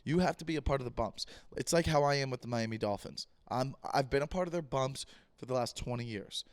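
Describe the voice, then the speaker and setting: A man hosting his own podcast in a loose, jokey monologue, repeating himself, his voice a bit rough this week. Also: medium pitch, brisk, no room sound. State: voice a bit rough, clearing throat. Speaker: podcast host. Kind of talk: casual solo podcast monologue.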